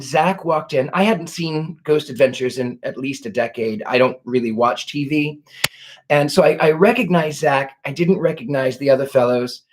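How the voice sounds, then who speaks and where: A man, a psychic, hosting a live question-and-answer chat in a genteel, effusive way. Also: on the high side.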